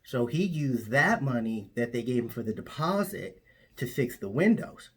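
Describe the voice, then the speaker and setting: A man's voice: mid-range voice, very animated, normal speed, slightly rough. A man telling an absurd made-up story in a straight, matter-of-fact comic way. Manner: absurd tall tale told matter-of-factly.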